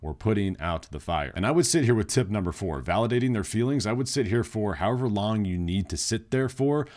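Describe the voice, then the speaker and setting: A man's voice: on the low side, animated, a little fast, a little mellow. A man who works as a nurse in behavioral health, explaining in a casual, plain-spoken way. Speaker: psychiatric nurse. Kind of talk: instructional video talk.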